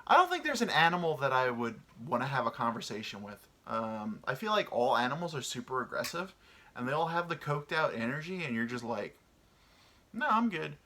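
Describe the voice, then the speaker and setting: Man, 30s, podcast host, rambling crude chat, animated pitch, bright tone. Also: a little fast. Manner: rambling, crude, many fillers. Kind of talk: casual solo podcast monologue.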